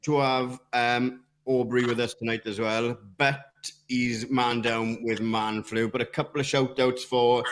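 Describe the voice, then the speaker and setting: A man hosting a running podcast, bantering casually with friends and swearing now and then. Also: mid-range voice. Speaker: podcast host. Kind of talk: casual chat.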